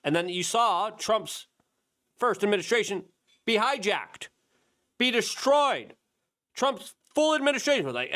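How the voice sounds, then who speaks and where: A man's voice: high voice, measured pace, pauses often. A middle-aged man hosting an independent media channel, giving heated commentary and mocking the people he quotes. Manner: animated, mocking voices when quoting others. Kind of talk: commentary with a product plug.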